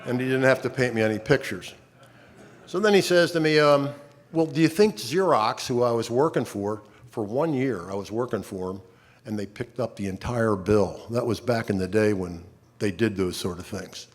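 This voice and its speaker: An older man giving a personal testimony to a conference, speaking conversationally with wry humor and halting restarts. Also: lowish voice. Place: conference stage.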